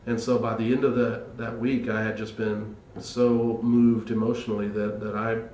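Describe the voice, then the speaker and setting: A man's voice: on the low side, flat delivery, normal speed, a little mellow, recorded from a distance, slight background noise. A man earnestly telling stories about his church upbringing in an interview. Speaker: choir member. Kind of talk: reflective interview talk. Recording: roomy, off-mic with faint ambience.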